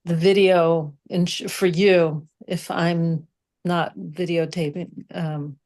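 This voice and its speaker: Slow, halting woman in a study group. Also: lowish voice, steady tone, darkish tone. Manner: halting, restarts words mid-thought. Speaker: study participant. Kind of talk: class discussion. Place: joining by video call.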